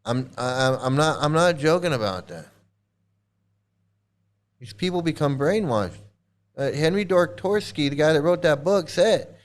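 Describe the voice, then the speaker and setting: A man's voice: a little high, expressive, moderate pace, long pauses. A man ranting in angry commentary as a former member, profane and repetitive, restarting his sentences.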